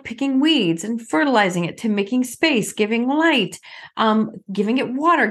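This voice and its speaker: A woman's voice: a little high, a bit bright, husky. A middle-aged woman giving a motivational talk in an earnest, coaching way, putting questions to the listener.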